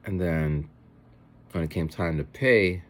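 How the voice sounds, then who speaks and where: A man's voice: low voice, slow pace. A man with kids telling stories in a casual, rambling vlog monologue while he eats. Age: adult with children. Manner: rambling, animated, mimics other people's voices in quotes. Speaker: vlogger. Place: home, eating a meal.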